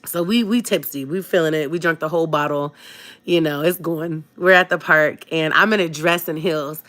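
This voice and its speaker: A woman's voice: low voice, moderate pace. Chatty woman vlogger telling a story. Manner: animated and chatty, full of slang and asides to the audience; laughs often and swings between hushed and loud. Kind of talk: casual storytelling to viewers.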